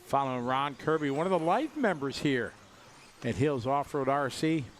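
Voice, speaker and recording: A man commentating live on a radio-controlled car race, chatty and jokey with excitable asides. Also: medium pitch, normal speed, slight background noise.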